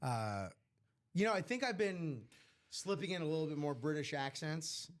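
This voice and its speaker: A man hosting a live sports memorabilia break stream, chatting casually with slangy, animated asides. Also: on the high side, a little fast.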